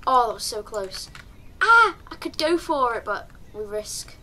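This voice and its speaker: A young woman, chatting through live gameplay commentary with sudden excited yelps and calls to her teammates. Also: on the high side, normal speed, a little hiss or hum. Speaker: streamer.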